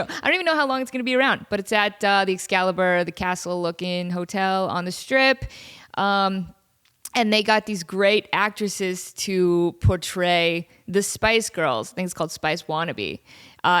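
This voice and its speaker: Woman, 30s, podcast host, casual comic monologue, animated, jokey, studio mic, mid pitch. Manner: animated, jokey storytelling with laughs and mock quotes.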